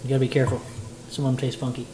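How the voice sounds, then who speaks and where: A playful, chatty man talks to his stream viewers while he cooks at home. His voice bounces around a roomy kitchen, and a sizzling pan is clearly heard behind him. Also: medium pitch, flat delivery, rapid-fire, noisy background. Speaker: livestreamer cooking dinner. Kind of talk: casual livestream chat while cooking.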